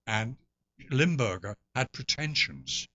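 A man's voice: medium pitch, lively intonation, slow pace, pushed and bright, no echo, muffled recording. An older English man, a guest actor, telling stories in an interview with theatrical asides. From England. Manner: expansive storyteller, theatrical asides. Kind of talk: anecdotal interview talk.

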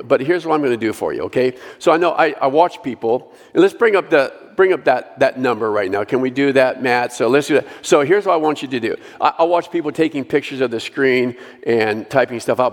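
A male pastor preaches a sermon at medium pitch, earnestly leading the congregation through repeated declarations. He drops to a hushed voice when reading scripture, and a long reverb tail trails his words.

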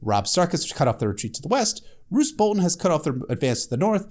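A man's voice: fairly high pitch, sing-song, fast, a little mellow. A man casually recapping a fantasy novel chapter, with sarcastic, profane asides and frequent restarts. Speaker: book recap host.

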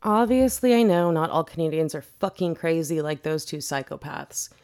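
A woman's voice: deep voice, expressive, moderate pace, a little mellow, clean tone. A woman hosting a podcast, ranting in a blunt, profane, indignant way. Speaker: podcast host.

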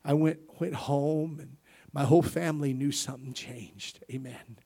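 A male preacher giving a sermon and personal testimony, peppering it with amens as he moves from soft, tearful recollection to loud, emphatic preaching. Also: on the high side, steady tone, moderate pace. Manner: punctuates with frequent "amen".

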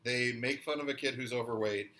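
A woman's voice: a bass voice, fairly quick, fairly bright tone. A woman co-hosting a podcast, recapping a TV episode in casual chat with wry asides and frequent laughter. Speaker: podcast co-host.

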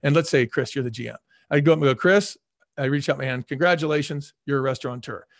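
Fast-talking middle-aged man telling stories. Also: medium pitch, dry recording, clean studio sound. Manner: animated storyteller, acts out quoted voices, repeats words for emphasis. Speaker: former restaurant chain CEO, guest. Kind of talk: casual storytelling interview.

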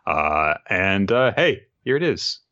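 A man co-hosting a podcast, recapping a comic in an animated, rambling way with frequent laughs. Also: sits low, slow pace, lo-fi sound. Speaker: podcast co-host.

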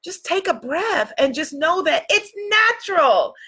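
Woman, high voice, bright tone, live coaching, warm, encouraging, repeats phrases. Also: sing-song, a little slow. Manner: warm, encouraging, greets viewers by name. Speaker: livestream coach.

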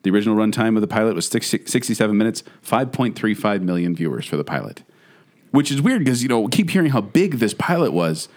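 This is a young man chatting casually with friends, easygoing and fond of a joke. His voice sits fairly low, and his intonation moves around a lot. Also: sing-song, fast talker, a little mellow. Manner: easygoing, joking. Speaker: podcast co-host. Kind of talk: casual chat among friends.

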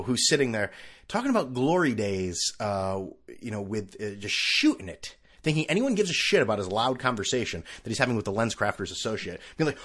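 A man's voice: mid-range voice, a bit bright. A man hosting his own podcast, ranting and joking through a solo monologue with sarcastic asides. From California. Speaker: podcast host.

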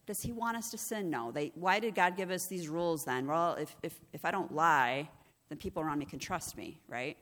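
A woman's voice: low-pitched, moderate pace, a bit bright. Earnest woman preaching in a hall. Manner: earnest, conversational, with frequent restarts and rhetorical "right?". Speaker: executive director and preacher. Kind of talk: sermon. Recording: long reverb of a hall.

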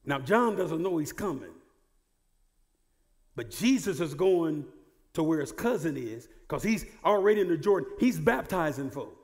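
A male pastor preaching a sermon who repeats and restarts words and builds to shouted emphasis. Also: a little high, big pitch swings, moderate pace, big-room sound. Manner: repeats words and stumbles on starts.

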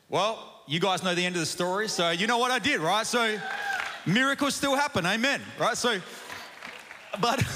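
A man with an Australian accent preaching a sermon, telling a personal story in a chatty, animated way that keeps asking "right?". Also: high-pitched. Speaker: pastor. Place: church auditorium. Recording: long hall reverb.

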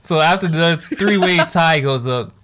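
A man chatting casually as host of an anime review, animated and slangy, laughing often. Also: fairly high pitch, unhurried, noisy background.

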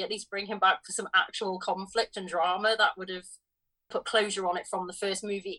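A woman's voice: mid-range voice, sharp tone, rough recording. A woman co-hosting a film podcast, talking through the plot with an incredulous, questioning manner. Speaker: podcast co-host. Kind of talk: casual film review chat.

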